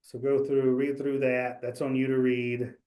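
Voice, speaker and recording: A man's voice: mid-range voice, monotone, a little slow, dark tone. A man giving a casual exam prep webinar, talking loosely with fillers, restarts and small jokes. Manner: loose, chatty, joking, many fillers and restarts.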